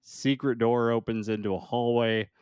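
A man's voice: mid-range voice, fairly even intonation, moderate pace, a little mellow, smooth, no room sound, studio quality. A man co-hosting a podcast, casually recapping a movie scene by scene and laughing often. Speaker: podcast co-host. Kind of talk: casual chat.

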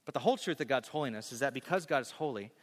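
A man's voice: medium pitch, animated. Emphatic male pastor preaching in a reverberant hall. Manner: emphatic, repeats key phrases, slows on scripture. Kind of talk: sermon.

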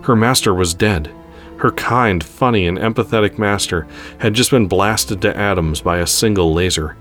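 A man narrates a space adventure story at an even, unhurried pace. His voice sits very low in pitch. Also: soft background music.

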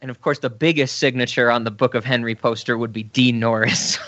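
Bright, laughing male podcast host. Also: mid-range voice, fairly even intonation, brisk, dry recording, dull audio. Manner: laughing, joking, rambling. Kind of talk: casual chat.

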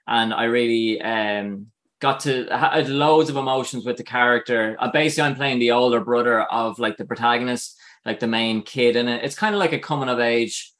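Chatty Irish actor, easy laughs. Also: male voice, medium pitch, fairly quick, a bit bright. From Ireland. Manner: chatty, laughs often, many fillers. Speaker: guest actor. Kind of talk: casual interview chat.

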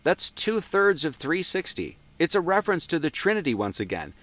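A man with a slightly high voice teaches scripture in a loose, conversational way. He keeps posing questions and answering them himself, and he lifts his voice when he reads verses aloud. The recording is dry and close, with no room echo. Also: very animated, moderate pace, fairly bright tone. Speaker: teacher giving a Sunday Bible talk. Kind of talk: informal esoteric Bible teaching.

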